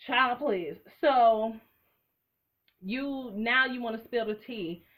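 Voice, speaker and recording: Young woman, fairly high voice, blunt, cussing, sassy reality-show commentary. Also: takes it slowly. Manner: blunt, profane, animated, with sassy asides. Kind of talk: casual vlog commentary.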